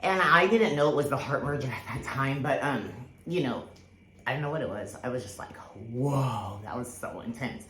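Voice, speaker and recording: Brisk and animated, a woman with a bass voice and a fairly bright tone tells a personal spiritual story for her vlog. Fillers, restarts, and the occasional swear word pepper her casual rambling, and the echoey room carries a faint hiss.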